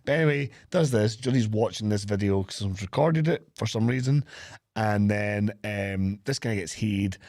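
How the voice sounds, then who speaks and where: A man chatting on a podcast, retelling a film scene by scene and throwing in quick voices for the characters. His delivery is animated and full of laughter. The recording is close and dry. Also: on the low side, dry recording. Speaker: podcast co-host. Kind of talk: casual chat recapping a film.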